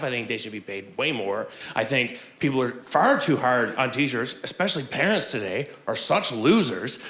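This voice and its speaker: A young male comedian performs a live stand-up set, his high voice leaping wildly as he shouts punchlines. It sounds like a stage mic in a roomy, echoing theatre, with a clear hum of audience noise behind him. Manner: animated, breaks into shouting for punchlines; laughs at his own jokes.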